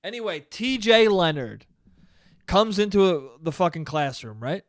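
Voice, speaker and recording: A man with a high voice rants his way through a comedic solo podcast story, full of swearing and asides. He talks right into a close mic, and the sound is completely dry. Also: expressive, measured pace, dry recording. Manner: profane, ranting storyteller. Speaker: podcast host.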